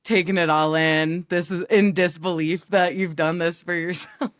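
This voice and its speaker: A woman's voice: on the low side, steady tone, unhurried. A woman in her thirties from New York, chatting as a guest, teasing and laughing often. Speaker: guest, business partner. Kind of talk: casual chat.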